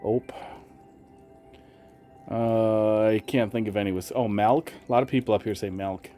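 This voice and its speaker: Warm and steady in tone, this man's lowish voice moves at a moderate pace with a slight Wisconsin accent. He chats casually with stream viewers and talks to his cats in a sing-song voice, faint music in the background.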